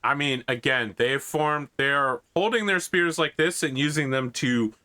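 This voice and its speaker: A man's voice: mid-range voice, pushed and bright. A man narrating as game master of a tabletop role-playing game, casual and wry. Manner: casual, wry, jumps into quick character voices.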